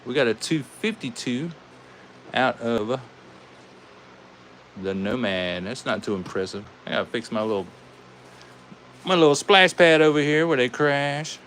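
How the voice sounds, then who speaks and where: Southern guy hosting toy car races, real slow and folksy, says y'all a lot. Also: mid-range voice, animated, fairly bright tone, slight background noise. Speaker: host racing toy cars. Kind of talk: casual live race commentary.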